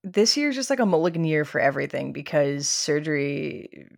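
A woman's voice: deep voice, animated, normal speed, vocal fry, no room sound, clean studio sound. A woman co-hosting a podcast in casual chat, explaining things plainly, with hiccups. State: has hiccups. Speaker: podcast co-host.

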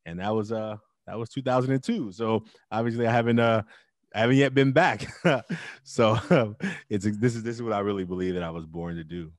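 A middle-aged man telling his story as an interview guest, emphatic and animated with loud bursts. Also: lowish voice, brisk, dry recording, studio quality. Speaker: interview guest, teacher and club founder.

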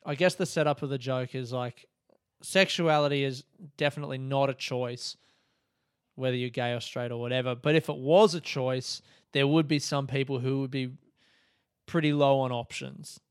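A man in his thirties, a comedian hosting his own podcast, telling stories in a sweary, ranting, animated way. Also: mid-range voice, moderate pace, smooth, no room sound, studio quality. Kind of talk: casual solo podcast storytelling.

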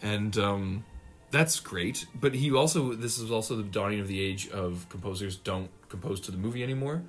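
A man's voice: on the low side, moderate pace. A man in his late thirties, co-hosting a casual film chat and acting out movie lines in mocking voices.

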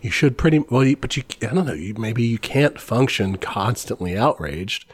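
A man's voice: medium pitch, expressive, moderate pace, husky, no room sound. A man co-hosting a podcast, talking earnestly and rambling with many restarts. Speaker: podcast co-host. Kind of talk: casual political chat.

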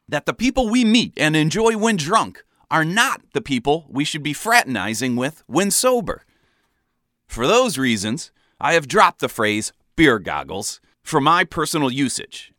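A man's voice: mid-range voice, no room sound, clean studio sound. Man with wildly swinging comic narration. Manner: wry, deadpan storytelling with animated swings. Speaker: narrator reading his own comic stories.

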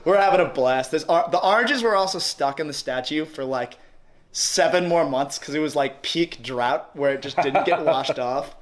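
A man's voice: a little high, normal speed. A young man with a New York accent telling a rowdy story in casual chat, rambling, cursing and laughing often. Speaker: podcast guest.

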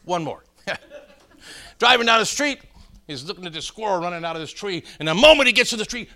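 Bright-voiced folksy male preacher. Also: high-pitched, fast. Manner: folksy storytelling, calls out to congregation. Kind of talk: sermon with joke stories.

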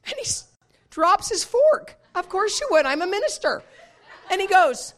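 A woman minister preaching a sermon, telling a personal story in an animated way and laughing often. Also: very high-pitched, moderate pace.

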